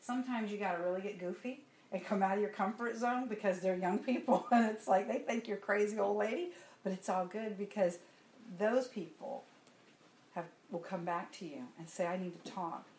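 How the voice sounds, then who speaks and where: A woman's voice: mid-range voice, moderate pace. A woman, telling a personal testimony to a congregation in a conversational, storytelling way. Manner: conversational storytelling, animated when laughing. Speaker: church speaker giving testimony. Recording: echoey room with faint ambience.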